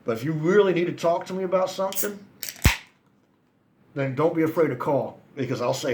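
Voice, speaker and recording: A man's voice: fairly high pitch, fairly quick, pauses often, darkish tone, slight background noise. A tired man vlogging to his viewers in a rambling, frustrated way, jumping between thoughts and swearing often. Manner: frustrated, disappointed and resigned. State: worn out. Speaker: vlogger addressing male viewers. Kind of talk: casual spoken monologue to camera.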